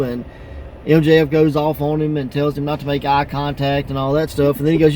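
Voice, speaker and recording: A man hosting a casual wrestling podcast, laughing often and acting out quoted wrestlers in higher voices. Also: flat delivery, a little fast, a little mellow, a little hiss or hum. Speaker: podcast host.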